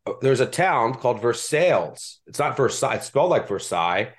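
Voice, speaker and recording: A man's voice: medium pitch, sing-song, moderate pace. A man with a Delco accent hosting a casual sports betting podcast, chatty and self-deprecating. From Delaware County, Pennsylvania. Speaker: podcast host.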